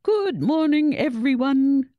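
A woman voicing a cheery male headmaster booming an announcement to the school in a story. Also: sing-song, takes it slowly, no room sound, narrow, tinny audio, full character voice.

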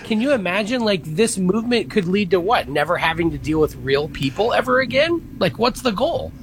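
A man on a talk panel, quick with quips. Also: sits high, big pitch swings, a little hiss or hum.

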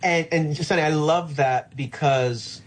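A middle-aged male pastor talking through faith in an earnest, thoughtful way, slowing down to land his key points. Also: a little high. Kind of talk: reflective faith conversation.

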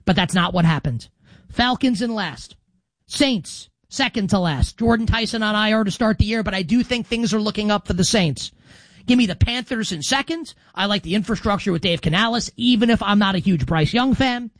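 A man in his thirties hosting a football predictions show, brash and animated, swinging from loud to soft for emphasis. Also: high-pitched, normal speed, dry recording. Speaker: sports radio host.

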